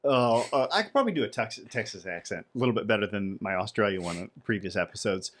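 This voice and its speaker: A man's voice: fairly low pitch, animated, fast talker, fairly bright tone. Chatty man co-hosting a podcast. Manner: chatty, playful, stammers on first words. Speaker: podcast co-host. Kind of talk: casual podcast chat. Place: podcast studio.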